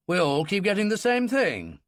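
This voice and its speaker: A man's voice: sits high, huge pitch swings, normal speed, no echo, pitched above the performer's own voice. A man voicing a dry, polite, upper-class older Englishman in an audiobook.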